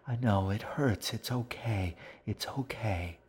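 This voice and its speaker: A man voicing a young girl in an audiobook, quiet, deliberate and commanding. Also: lowish voice. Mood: soothing. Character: young girl, quiet and steely, fierce when pressed. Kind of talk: audiobook character voice.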